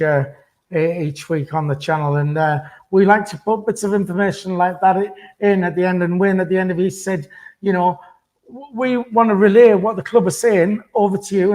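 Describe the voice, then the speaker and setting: A man rambles through a casual post-match sign-off. His voice sits a touch high, and he fills his sentences with ums and false starts as he asks for likes and subscribes. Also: a little mellow. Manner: rambling with many fillers. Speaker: fan channel host.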